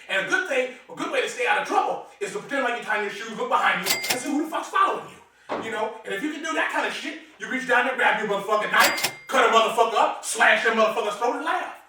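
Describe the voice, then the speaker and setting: A man doing a profane comedic monologue to camera, brash and boastful, swearing constantly and chuckling often. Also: very high voice. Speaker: comedic host showing his knives. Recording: echoey room, mic far off, faint noise.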